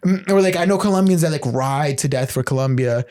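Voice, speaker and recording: A man's voice: on the high side, a little fast, a little mellow. A young American man chatting casually on a podcast, swearing freely and telling stories with lots of "like" and "you know". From United States. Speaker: podcast co-host. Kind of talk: casual chat.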